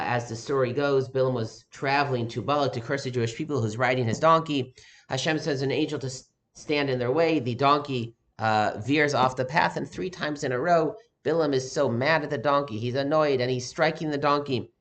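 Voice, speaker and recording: A male rabbi delivers a sermon at an even, mid-range pitch. He speaks in a measured way and pauses often on "uh" between phrases.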